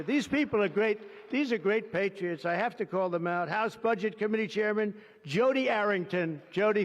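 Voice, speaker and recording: A man giving an off-the-cuff ceremonial speech as president, rambling through ad-libbed asides full of superlatives at a podium microphone. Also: high voice. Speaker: president addressing a signing ceremony. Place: outdoor ceremony through a public address system. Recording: dull lo-fi broadcast feed with long reverb.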